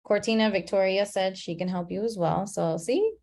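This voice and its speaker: A woman leading an online class on a video call, talking in a relaxed, chatty way and laughing at her own slips. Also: mid-range voice, moderate pace. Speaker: class facilitator.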